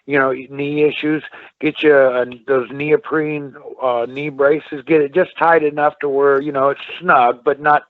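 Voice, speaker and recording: A middle-aged man tells rambling, animated stories from a phone call. The line is tinny and dry, with nothing heard around him. His voice sits fairly high for a man. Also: unhurried, dry recording. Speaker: guest, former wrestler. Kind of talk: storytelling interview.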